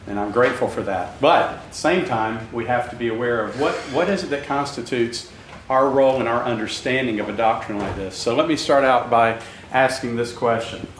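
A man's voice: mid-range voice, brisk, a little hiss or hum. Male Bible teacher, chatty and informal, quizzing his class, heard from a distance in a very echoey room. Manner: conversational, many fillers, jokes with class.

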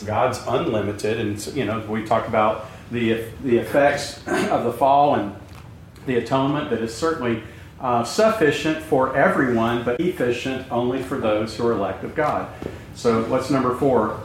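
A man teaching a Bible class in a relaxed, conversational way, with many fillers and jokes, asking the students questions. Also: medium pitch, moderate pace, a little hiss or hum. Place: room with class present. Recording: very echoey room, mic at a distance.

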